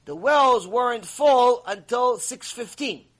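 A man voicing a greedy, mocking well-owner in a spoken story, loud and taunting. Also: very high voice, expressive, slow, pitched above the performer's own voice, heavily acted, low-quality recording. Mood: scheming.

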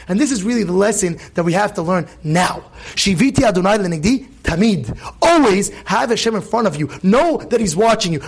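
Animated high-voiced rabbi preaching. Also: male voice, husky. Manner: animated, rhetorical questions, emphatic. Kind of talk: sermon.

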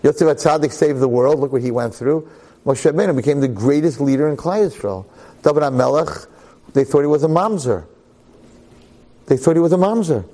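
A man's voice: fairly high pitch, expressive, brisk, mellow. A man giving a weekly Torah portion class, telling stories emphatically and repeating key lines. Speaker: Torah lecturer.

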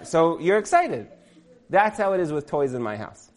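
A man's voice: on the high side, very animated, normal speed. Rambling man telling a comic story. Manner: rambling, many "like" fillers, laughs at himself.

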